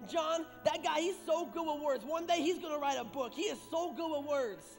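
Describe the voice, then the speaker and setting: An actor playing the apostle Peter as an excitable, rambling fisherman who stammers, in a church skit. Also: very high-pitched, moderate pace. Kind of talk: stage comedy-drama acting. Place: church stage. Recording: echoey church hall with music.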